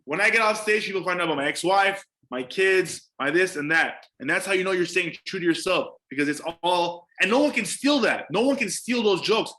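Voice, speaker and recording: A man's voice: high-pitched, lively intonation, brisk, hardly any pauses, sharp tone. A man, a stand-up comedian, chatting casually on a podcast, emphatic and profane, repeating words for stress.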